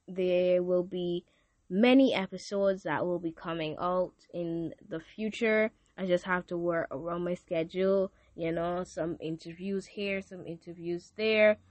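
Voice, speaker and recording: A woman's voice: on the low side, dry recording. A woman, hosting a podcast and speaking emotionally and devoutly to her listeners, repeating herself often. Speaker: podcast host. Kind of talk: casual thank-you message to listeners.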